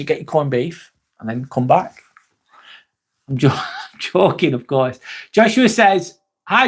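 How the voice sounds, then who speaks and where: Brief: male live-streamer, casual and sweary, reads chat aloud, slightly higher voice. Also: husky. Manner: chatty, swears casually, laughs at comments. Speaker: live vlog host reading chat.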